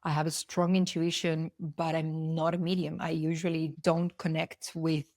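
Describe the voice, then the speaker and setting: A young adult woman hosts her own podcast, speaking in a fairly low voice. She talks earnestly and from the heart, often rambling and restarting her sentences. The recording is close and dry, with no room sound. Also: flat delivery, normal speed, a little mellow, no room sound. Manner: earnest and heartfelt, openly spiritual; loose and rambling with many restarts. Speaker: podcast host. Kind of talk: personal podcast monologue.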